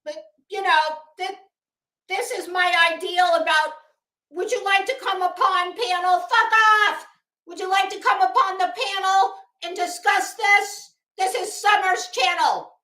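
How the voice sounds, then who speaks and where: A brash, foul-mouthed streamer lady who greets her chat sweetly and curses them in the next breath, as a woman imitates her. The voice sits high and bright, with a tense edge. It is recorded in an echoey room. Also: measured pace, heavily acted. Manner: loud, profane, shrill sweet-then-cursing. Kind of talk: mocking impression on a livestream.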